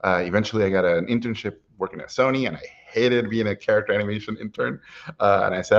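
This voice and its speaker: A middle-aged man telling a personal story in a lively way, acting out what people said to him, with frequent "uh"s. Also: lowish voice, fast talker, creaky, highs cut off. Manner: lively anecdotal, acts out quotes, frequent "uh". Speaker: animation guest speaker.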